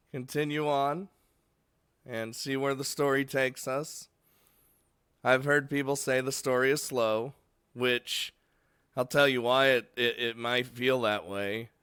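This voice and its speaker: A man's voice: mid-range voice, a bit bright, clear, resonant tone, no echo. A man streaming a game live, rambling and laughing often, casually swearing, just woken up and yawning.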